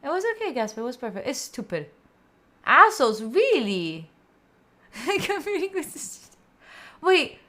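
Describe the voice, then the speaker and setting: High-pitched, bright and pushed, this young woman sounds very animated yet unhurried, pausing often. She hosts a study livestream from Italy, and in the breaks she reads comments aloud and playfully giggles back at her viewers in her Italian accent.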